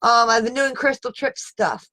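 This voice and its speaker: A woman's voice: on the high side, normal speed, pushed and bright, poor audio. A woman talking unscripted on a live video into a phone camera, upset and exasperated, pleading and emphatic as she presses her point. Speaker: live streamer.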